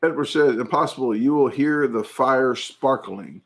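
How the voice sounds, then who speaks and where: A man's fairly bright, mid-range voice carries along at normal speed as he hosts a casual livestream. Working through viewer comments, he rambles, jokes frequently and laughs a lot.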